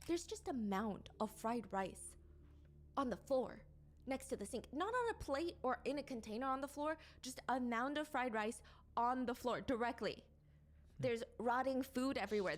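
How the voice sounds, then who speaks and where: A woman narrating a true crime case in a measured, descriptive storytelling manner. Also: on the high side.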